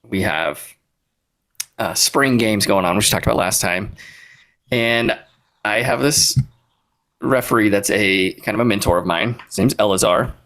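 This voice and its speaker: A man co-hosting a podcast, telling a rambling, animated story in casual chat. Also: fairly low pitch, a little slow, long pauses. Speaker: podcast co-host.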